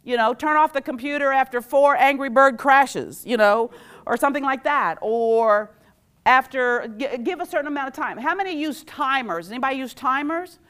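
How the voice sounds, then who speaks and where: A middle-aged woman and former teacher giving a lively workshop talk, quizzing the audience and leading call-and-response. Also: high voice, moderate pace, clear, resonant tone. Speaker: educator and workshop speaker.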